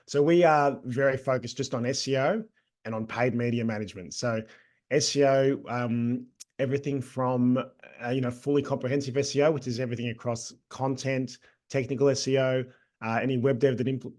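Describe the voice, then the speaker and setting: A middle-aged man with an Australian accent speaks in a relaxed, rambling way, filling pauses with ums. He is just getting over a cold, and his voice sits at an ordinary middle pitch. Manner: relaxed, chatty, with many ums. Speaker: guest, agency co-founder. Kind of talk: casual interview talk.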